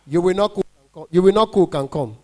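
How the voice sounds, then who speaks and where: A man voicing a loud, stingy male caller who haggles over the price of an MC. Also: sits high, quick pace, natural voice. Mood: haggling.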